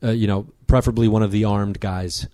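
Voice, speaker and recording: A man who is a podcast guest, telling a rambling, animated story in casual conversation, with many fillers. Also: fairly low pitch, brisk, no echo, clean studio sound.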